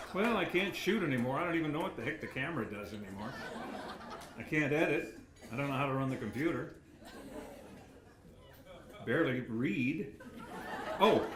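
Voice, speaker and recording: Older man rambling through a banquet speech. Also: mid-range voice. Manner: rambling, anecdotal, self-deprecating, chuckling. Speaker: retired sportscaster giving an acceptance speech. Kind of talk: after-dinner acceptance speech. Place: banquet hall. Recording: echoey hall with faint room noise.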